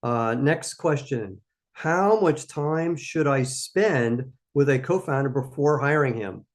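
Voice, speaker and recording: A man's voice: mid-range voice, lively intonation, takes it slowly. A man hosting a live question-and-answer stream for startup founders, giving emphatic, coaching answers and repeating his key points.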